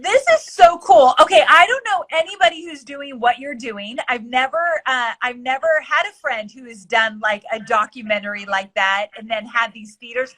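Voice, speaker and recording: Upbeat woman with a bright high voice. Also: normal speed, few pauses, low-quality recording. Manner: warm, upbeat, enthusiastic. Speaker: guest. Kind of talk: casual live video chat.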